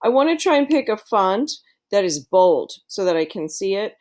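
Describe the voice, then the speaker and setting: A woman's voice: mid-range voice, sing-song, moderate pace, darkish tone. A woman teacher giving a screen-recorded tutorial to her students in a friendly, chatty way, with plenty of fillers.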